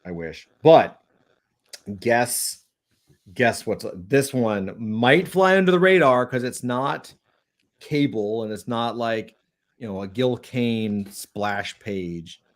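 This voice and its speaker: Excitable rambling man chatting. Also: medium pitch, takes it slowly. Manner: excitable, rambling, lots of fillers. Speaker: podcast co-host. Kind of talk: casual chat.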